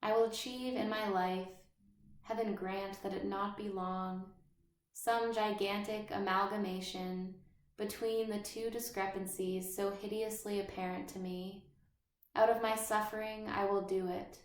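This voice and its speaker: A brooding schoolboy who feels like an outsider, read by a woman. He speaks slowly and evenly with little lift in the pitch. The voice carries a roomy echo. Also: fairly even intonation, natural voice.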